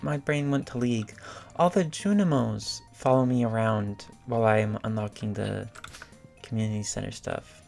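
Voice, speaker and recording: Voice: mid-range voice, normal speed, gravelly, darkish tone, faint music behind. A gaming channel host giving casual let's-play commentary, rambling and thinking aloud with filler words.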